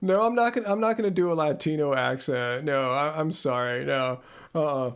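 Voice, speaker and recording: A man's voice: on the high side, moderate pace, smooth. A man hosting a live Q&A on his channel, rambling and self-deprecating with lots of fillers, talking into a close mic. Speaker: channel host. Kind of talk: live Q&A chat. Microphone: close studio mic.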